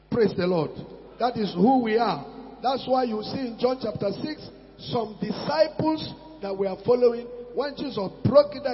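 A man preaching a sermon, emphatic, repeating key words and swinging between loud declarations and soft asides. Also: very high voice. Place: church hall. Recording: dull recording in a long-echoing hall.

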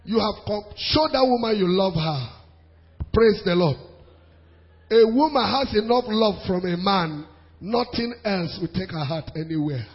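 Pastor preaching, high lively voice, big echoey hall, kinda muffled. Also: male voice, a little slow. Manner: animated preaching with pidgin asides and laughter. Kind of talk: sermon. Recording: dull sound in a reverberant hall.

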